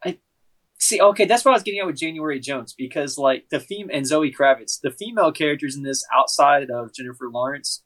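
A man's voice: fairly high pitch, fairly quick, a bit bright. A man co-hosting a podcast, explaining his opinions in a thoughtful, casual way. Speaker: podcast co-host. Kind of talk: casual movie-review chat.

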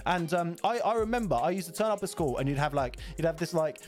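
Sweary lively South London man. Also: a little high, quick pace, soft background music. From South London, England. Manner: sweary, animated, laughs often. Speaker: stream co-host. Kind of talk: casual live-stream chat.

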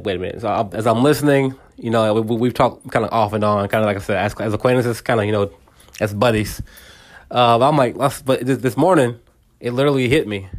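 A man hosting a podcast, talking in a casual personal monologue, often stumbling and repeating words. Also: fairly low pitch. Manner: halting, repeats words, casual slang like "bro". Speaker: podcast host.

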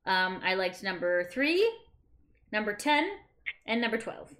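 A woman's voice: mid-range voice, big pitch swings, unhurried, a bit bright. A woman co-hosting a casual chat podcast, talking animatedly with lots of "like" and casual swearing. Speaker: podcast co-host.

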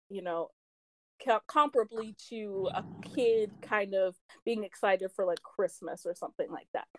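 A woman's voice: mid-range voice, a little hiss or hum, low-quality recording. A woman hosting a casual chat, recapping a TV show with lots of laughter and acted-out character lines. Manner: chatty, laughs often, acts out characters' lines.

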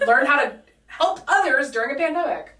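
A woman's voice: high-pitched, animated, brisk, bright, forceful tone. A woman in her thirties from Washington State, co-hosting a podcast in casual chat, giggly and full of "like.". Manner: chatty, giggly, lots of "like". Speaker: podcast co-host. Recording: echoey room, mic at a distance.

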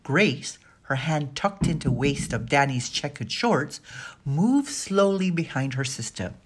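A woman narrating a children's story aloud, expressive and giving the characters' lines their own voices. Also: low voice, unhurried, breathy edge. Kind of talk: storybook reading.

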